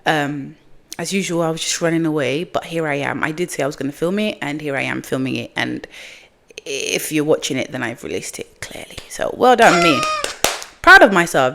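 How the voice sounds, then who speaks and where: A woman's voice: low-pitched, fairly bright tone. A young woman talking candidly and rambling in a casual vlog, mocking herself now and then. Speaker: vlogger. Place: outdoors in the sun, windy.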